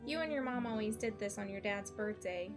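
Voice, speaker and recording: A woman's voice: mid-range voice, music in the background, lightly acted. A woman voicing a nerdy, eager twelve-year-old boy in a video game, with a nasal nerdy manner. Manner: nasal nerdy voice, talking fast.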